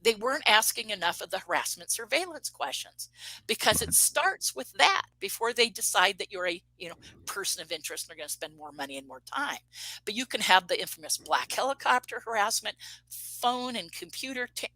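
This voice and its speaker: A woman in her fifties, an interview guest, telling a personal story in a casual, animated way. She acts out the quoted dialogue and often restarts her sentences. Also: mid-range voice, fairly quick, no room sound, rough recording.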